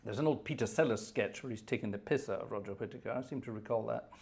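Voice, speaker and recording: A man's voice: fairly low pitch, fast, creaky, darkish tone, slight background noise. A man hosting a live organ concert stream, chatting casually, thinking aloud and thanking viewers by name. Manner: rambling, chatty, thinks aloud while searching.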